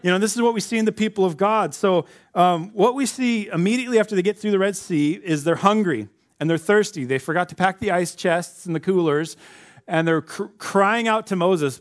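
A man's voice: high-pitched, a little fast. A man preaching a sermon in a conversational way, acting out the voices of the people he quotes. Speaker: pastor.

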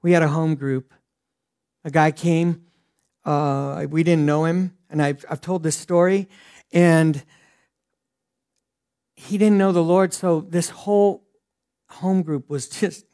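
Earnest preaching man, rising and hushing. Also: on the high side, steady tone, takes it slowly, long pauses, clean tone. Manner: earnest preaching, swings from loud emphasis to hushed. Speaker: pastor. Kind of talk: sermon.

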